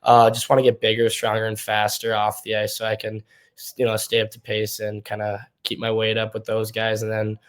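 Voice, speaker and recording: A young man from Minnesota, a hockey prospect, answering interview questions in a relaxed, loose storytelling way. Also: fairly low pitch, brisk. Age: young adult.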